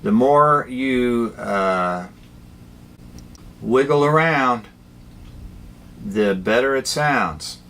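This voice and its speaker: A man giving a guitar lesson, explaining ideas in a plain, unhurried way with fillers between phrases. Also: medium pitch, expressive, a bit bright, a little hiss or hum. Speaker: guitar teacher. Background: guitar playing between phrases.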